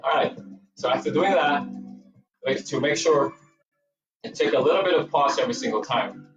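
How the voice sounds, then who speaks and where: With music playing behind him, a man with a Filipino Cebuano accent instructs a yoga and movement class in a dance studio, counting, cueing breaths and offering encouragement. His voice is medium in pitch at a normal speed, recorded lo-fi and from a distance in a roomy space.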